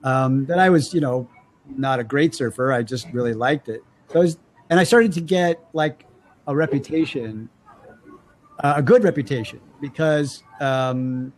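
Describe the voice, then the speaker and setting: A man's voice: medium pitch, normal speed. A man as an interview guest, chatting casually and acting out the voices of people in his stories. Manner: animated storyteller acting out voices.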